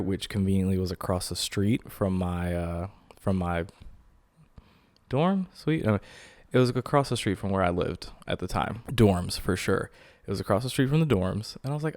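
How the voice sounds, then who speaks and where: A man's voice: fairly low pitch, expressive, normal speed, a little mellow. A young man hosting a podcast, telling a rambling, profane, jokey story about himself in casual talk. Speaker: podcast host.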